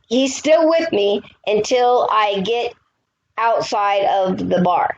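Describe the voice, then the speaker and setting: A woman's voice: medium pitch, darkish tone. A woman in her fifties, a psychic medium, telling a story on a radio show and acting out the quotes in it. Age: 50s. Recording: dull lo-fi audio.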